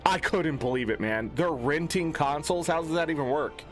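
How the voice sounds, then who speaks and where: A man's voice: normal speed, fairly bright tone, faint music behind. Angry profane gaming streamer man. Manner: profane, exasperated ranting with swings in pitch. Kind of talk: angry off-the-cuff stream rant.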